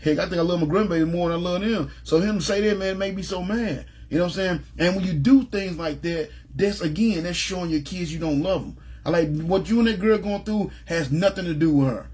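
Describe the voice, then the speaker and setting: A man's voice: sits high, brisk, few pauses, darkish tone. A middle-aged man giving an informal, plain-spoken Bible teaching, driving his points home with emphasis and asking his listeners again and again whether they follow him. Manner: emphatic, plain-spoken, repeats "you know what I'm saying". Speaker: preacher.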